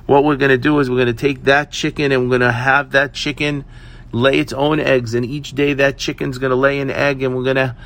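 A man voicing a poor village mother who gently corrects her children and lays out big plans. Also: mid-range voice, little pitch movement, a little fast, pitched above the performer's own voice, close to an everyday voice. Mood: planning. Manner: firm, soothing, then piling up plans. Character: poor village mother, patient, hopeful, scheming dreamer.

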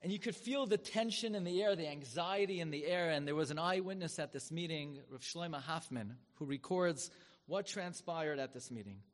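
A man giving a sermon as a story. He talks with drama and turns loud and high when he acts out the people in it. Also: normal speed. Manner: dramatic, swells loud and high when acting out quoted rabbis. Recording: long hall reverb.

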